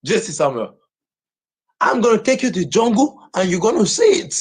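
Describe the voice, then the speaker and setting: A man shouting and ranting repetitively to his livestream viewers. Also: sits high, sing-song, normal speed, breathy edge.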